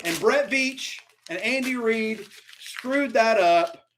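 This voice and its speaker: Exasperated high-voiced man ranting. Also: slow pace, a bit bright, slight background noise. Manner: exasperated ranting, swings from muttering to outbursts. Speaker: draft reaction streamer. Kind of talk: live reaction stream.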